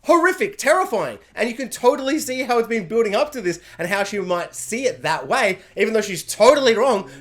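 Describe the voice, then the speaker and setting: Animated woman ranting a TV review. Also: high voice. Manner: animated and gushing, acts out characters in mock voices. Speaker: TV review vlogger. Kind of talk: excited spoiler review rant.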